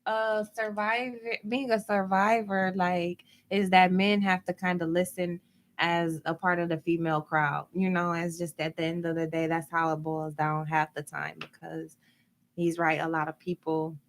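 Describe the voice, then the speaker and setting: A woman chatting casually as a guest, lively and emphatic as she jumps in to make a point. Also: fairly low pitch, moderate pace. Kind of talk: casual chat.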